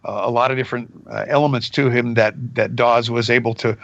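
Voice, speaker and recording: An older man, a voice actor being interviewed, telling stories in a casual, animated way and dropping into character voices. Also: medium pitch, a little fast, gravelly, dull audio. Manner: animated, jumps into character voices mid-story. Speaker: voice actor guest.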